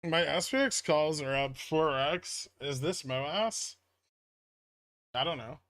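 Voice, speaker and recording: A man hosting a casual stock-market livestream, reading viewer chat aloud and answering in a relaxed, rambling way. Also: on the high side, takes it slowly, no room sound.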